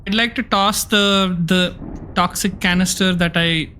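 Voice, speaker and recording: Bright, excitable young-sounding player. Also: male voice, high-pitched, measured pace, slight background noise. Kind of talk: casual game chat.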